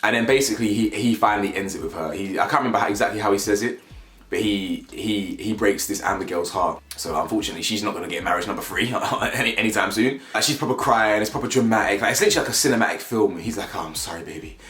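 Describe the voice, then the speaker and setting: Fast-talking young man in a roomy room. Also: lowish voice. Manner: animated, slangy, rambling with restarts. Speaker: TV show reviewer. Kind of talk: casual recap commentary. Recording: roomy echo.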